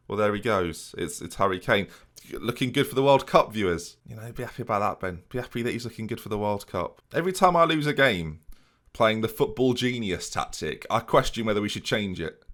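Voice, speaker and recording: Casual male gaming YouTuber, lowish voice, self-deprecating running commentary to viewers. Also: fairly bright tone. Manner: self-mocking, chatty, addresses viewers. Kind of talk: commentating a football management game.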